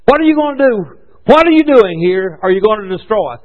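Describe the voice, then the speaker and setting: A man's voice: sits high, big pitch swings, a little fast. A man voicing a frightened, defiant male evil spirit that cries out in alarm. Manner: crying out in alarm. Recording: dull lo-fi recording.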